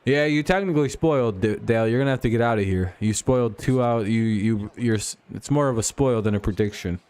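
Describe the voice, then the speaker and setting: A man hosting a casual live stream, chatting with viewers and calling pitches as he watches a ballgame. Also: brisk, darkish tone, smooth. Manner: chatty, replies to chat while calling pitches.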